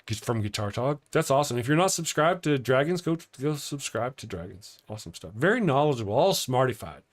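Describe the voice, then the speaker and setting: A man's voice: medium pitch, sing-song, a little fast. Chatty middle-aged male livestream host. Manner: rambling, chatty, reads viewer comments aloud. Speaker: morning show livestream host. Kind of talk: casual livestream chat.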